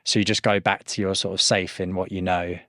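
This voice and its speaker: A man's voice: low-pitched, flat delivery, fairly quick, pushed and bright, no room sound, studio quality. A man hosting a podcast, asking questions while thinking aloud, with hesitations and restarts. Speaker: podcast host. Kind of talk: conversational podcast interview.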